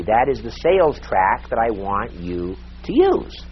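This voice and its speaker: A male sales trainer leads a live seminar, speaking slowly and with emphasis. His pitch swings widely, and he laughs often. The recording is a dull lo-fi tape with a faint hiss underneath. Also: very animated.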